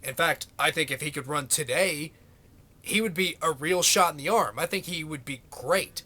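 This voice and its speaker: A man's voice: on the high side, normal speed, pushed and bright. A man ranting to camera in a vlog, sarcastic, exasperated and swearing freely. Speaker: vlogger. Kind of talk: political rant to camera.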